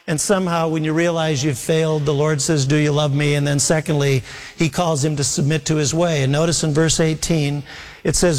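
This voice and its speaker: A man's voice: fairly high pitch, flat delivery, fairly quick, darkish tone. A man preaching a sermon as pastor, earnest and emphatic, repeating key phrases for weight. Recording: long hall reverb.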